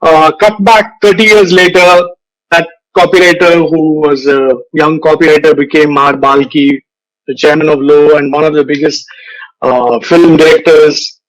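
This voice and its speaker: Brief: older male speaker, slightly high voice, unhurried anecdotes, lecture tone. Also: flat delivery, low-quality recording. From India. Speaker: guest speaker, advertising veteran. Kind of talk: motivational speech with anecdotes. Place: virtual event recording.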